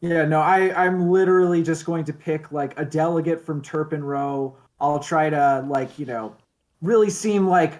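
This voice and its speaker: Excited, rambling male player. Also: a little high, normal speed. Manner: excited, rambling with many fillers. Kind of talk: casual chat.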